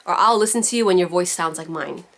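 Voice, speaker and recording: A woman's voice: lowish voice, lively intonation, fast talker, a bit bright. A woman teaching a parenting class over a video call, talking in a chatty way full of "like" and "you know". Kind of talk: casual virtual class teaching.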